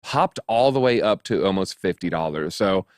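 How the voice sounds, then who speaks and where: A man's voice: sits low, lively intonation, moderate pace, a little mellow, no echo, studio quality. A man hosting a crypto news show, talking casually in a chatty, joking, rambling way with lots of fillers. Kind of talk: casual chat.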